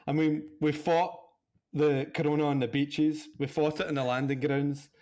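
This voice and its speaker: A man's voice: fairly high pitch, little pitch movement, normal speed, darkish tone. A man co-hosting a casual chat on a video call, eager and tripping over his restarts. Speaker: co-host.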